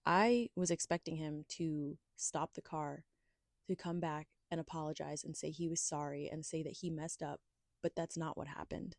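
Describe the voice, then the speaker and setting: A woman's voice: deep voice, fairly even intonation, moderate pace, gravelly, no echo, studio quality. A woman hosting her own podcast, telling a personal story in a candid, confiding, emphatic way. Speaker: podcast host.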